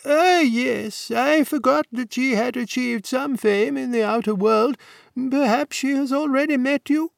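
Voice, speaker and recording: A man's voice: extremely high pitch, unhurried, vocal fry, no echo, clean studio sound, voice pushed up, full character voice. A man voicing an elderly male college warden, courteous, fussy and apologetic toward a young nobleman, in an audiobook reading.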